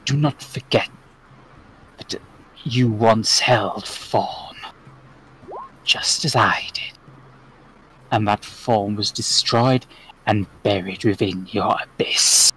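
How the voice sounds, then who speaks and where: A man voicing an imperious female goddess of death in a tabletop game, speaking slowly and gravely and sinking toward a whisper. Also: on the low side, pushed and bright, a little hiss or hum, low-quality recording. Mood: stern.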